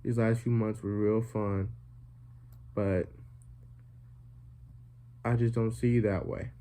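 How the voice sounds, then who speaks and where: A hesitant teenage girl gently lets an admirer down, as a young man quotes her in his usual mellow voice. She is kind but firm, and the delivery barely changes from his own. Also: fairly low pitch, little pitch movement, slow. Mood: gentle. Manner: hesitant, letting someone down. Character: teen girl turning down a suitor gently.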